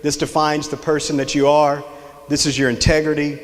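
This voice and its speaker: This extension director from Texas, middle-aged, tells a story and quizzes his audience during a folksy leadership talk in a large hall. His delivery is brisk and completely flat, pitched on the high side. The hall adds a long reverb tail.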